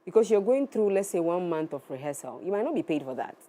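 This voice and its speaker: A woman's voice: fairly low pitch, sing-song, fast talker, dark tone. A woman, an actress guest giving earnest advice in an interview. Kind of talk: interview answers. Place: TV studio.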